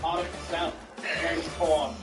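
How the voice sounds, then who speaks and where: A woman's voice: low voice, flat delivery, takes it slowly. A woman streamer giving casual let's-play commentary, sarcastic and profane, talking back at the game. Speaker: gaming streamer. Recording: roomy, distant mic with game music.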